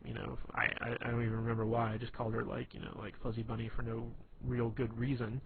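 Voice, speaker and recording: A man explains things in a loose, rambling way, leaning on "you know" and "like" as he goes. His voice is gravelly with some fry. The recording is thin and phone-like with a faint hiss. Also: mid-range voice, monotone, quick pace. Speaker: presenter. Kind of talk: casual explanatory talk.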